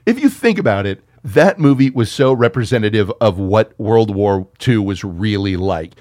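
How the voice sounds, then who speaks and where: A man from the United States co-hosting a casual film podcast, talking in a profane, animated way. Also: on the low side, moderate pace, no room sound, clean studio sound. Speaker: podcast co-host.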